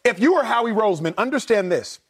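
High-pitched guy on a sports talk show, emphatic, playful, arguing football. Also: animated, quick pace, husky. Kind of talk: casual sports debate.

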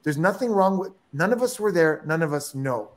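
A man's voice: fairly high pitch, animated, a little fast. A man guest on a casual livestream, speaking earnestly and emphatically, repeating words as he pushes a point.

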